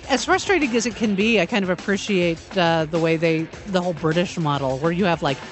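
A woman's voice: fairly low pitch, brisk. Chatty female radio co-host, faint music. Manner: chatty storyteller, lively asides. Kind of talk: casual radio chat.

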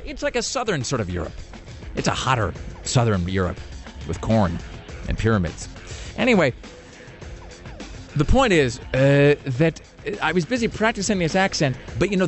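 A man, a radio show host, telling a long self-mocking story in casual chat, rambling with comic asides. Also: fairly high pitch.

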